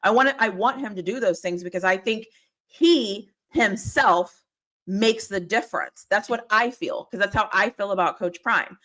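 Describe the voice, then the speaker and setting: A woman's voice: mid-range voice, normal speed, fairly bright tone. A woman co-hosting a casual football talk stream, rambling and laughing often as she talks over a video call. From Pittsburgh area. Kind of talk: casual chat. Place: home, live stream call.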